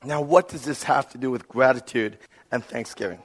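A man in his thirties preaching a sermon, telling family stories and acting out the voices in them. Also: moderate pace. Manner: storytelling, acts out quoted voices with big pitch jumps. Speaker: pastor.

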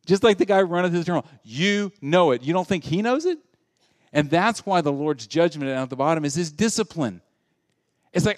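A male pastor preaching a sermon, moving between loud, animated passages and hushed, intimate ones. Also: fairly high pitch, dry recording, studio quality.

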